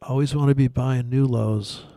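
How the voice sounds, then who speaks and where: A man's voice: medium pitch, fairly even intonation, moderate pace, warm tone, dry recording, studio quality. A man giving crude, sarcastic commentary while trading live charts. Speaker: forex trader.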